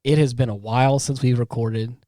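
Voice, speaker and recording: A man co-hosting a podcast in casual chat, rambling and halting, laughing often. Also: medium pitch, fairly even intonation, dark tone, dry recording, studio quality. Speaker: podcast co-host.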